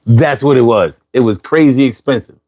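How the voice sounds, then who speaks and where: A man's voice: medium pitch, normal speed, a little mellow. A man hosting a casual livestream, chatting loosely, reading chat and repeating his phrases.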